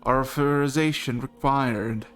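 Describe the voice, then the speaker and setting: A disembodied machine entity speaks in a dead monotone, as a man puts it on during a tabletop game. It sits at a middling pitch, slow and deliberate, and stays stubbornly literal. Soft music plays faintly behind it. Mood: flat.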